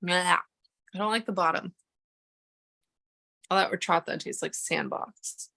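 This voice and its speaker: A woman's voice: on the low side, steady tone, measured pace, gravelly, pushed and bright. A young woman chatting casually to her livestream audience, rambling off on tangents and breaking into exasperated, swearing rants.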